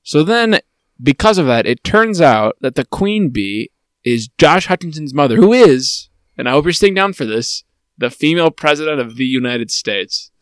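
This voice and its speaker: A man's voice: a little high, big pitch swings, moderate pace, fairly bright tone, clear, resonant tone, dry recording. A man co-hosting a podcast in casual chat, sarcastic and exasperated as he retells film scenes. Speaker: podcast co-host.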